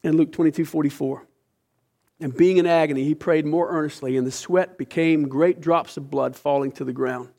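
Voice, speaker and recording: A middle-aged man preaching a sermon to a congregation, with a dramatic, impassioned delivery that swings suddenly between loud and soft. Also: a little high, fairly even intonation, normal speed.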